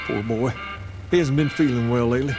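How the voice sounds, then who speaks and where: An actor voicing a laid-back, drawling crime boss with a crooner's swagger in a video game. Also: male voice, medium pitch, brisk, over music, close to an everyday voice. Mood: easygoing.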